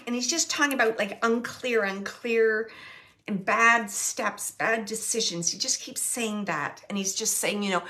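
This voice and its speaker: A woman working as a psychic medium, relaying messages in a halting way, repeating herself and dropping into whispered asides. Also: medium pitch, bright, forceful tone. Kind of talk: live spirit reading.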